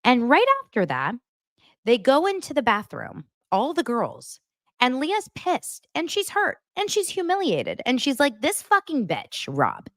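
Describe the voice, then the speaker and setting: A gossipy young woman chats through a reality TV recap, her pitch jumping up and down as she gets worked up. She mimics people in mocking voices. The sound is close and dry, with no room around her. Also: unhurried, no room sound. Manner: gossipy and animated, acting out quotes in mocking voices. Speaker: podcast host. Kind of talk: casual pop-culture recap chat.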